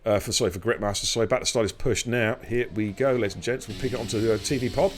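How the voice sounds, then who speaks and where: A middle-aged man, hosting a live sim racing stream with loud, excitable hype and cheeky banter. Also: fairly low pitch, racing, slight background noise. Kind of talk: live esports race commentary.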